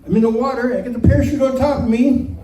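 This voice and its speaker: A man telling a personal story live to a room, animated and laughing as he goes. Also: very high-pitched, fast talker, far from the mic, music in the background. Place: community center room. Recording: roomy hall recording from off-mic.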